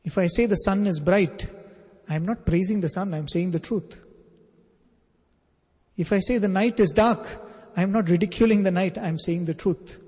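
A man voicing a calm, innocent teenage boy who softly repeats his words without wavering. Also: high-pitched, moderate pace, long pauses, breathy edge. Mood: earnest. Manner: soft, calm, unwavering repetition. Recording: long hall reverb.

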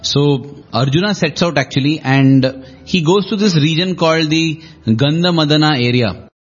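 A man's voice: a little high, normal speed, highs cut off, soft background music. A man in a devotional discussion, retelling scenes reflectively and acting out quoted lines with shifting emphasis.

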